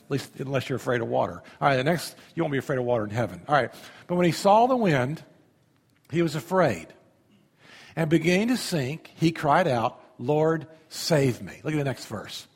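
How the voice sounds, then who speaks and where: A man's voice: mid-range voice, animated, a little fast, gravelly, slightly rough. A man pastor preaching a sermon in a conversational way, often asking the audience questions. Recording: long hall reverb.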